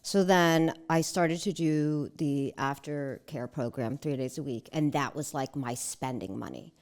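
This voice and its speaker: A woman in her thirties, a real estate agent and former teacher, telling her story as a podcast guest in an animated way, full of "like" and "right?". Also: low voice, unhurried. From New Jersey. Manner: animated, acts out quoted dialogue with lots of "like" and "right?". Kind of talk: casual interview storytelling.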